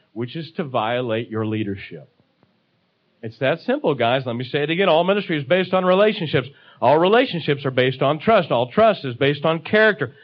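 A man's voice: on the high side, muffled recording. A man preaching a sermon, emphatic, repeating key phrases and calling for responses from the congregation.

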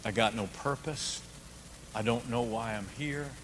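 A man preaching a sermon, telling a story with swings from hushed to shouting. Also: mid-range voice, unhurried, noisy background. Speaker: pastor. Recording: reverberant hall with faint ambience.

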